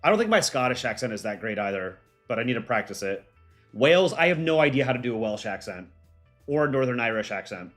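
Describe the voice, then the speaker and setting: A young American man chatting casually on a live stream as its host, relaxed and full of ums and likes. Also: mid-range voice, fast talker, faint music behind. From United States. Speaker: streamer and voice actor.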